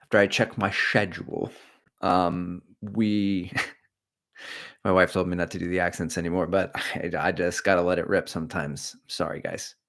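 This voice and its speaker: A man's voice: low voice, flat delivery, normal speed, fairly bright tone. A middle-aged man hosting a running livestream, chatting candidly and joking as he rambles between topics. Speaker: running channel host. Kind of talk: casual livestream chat.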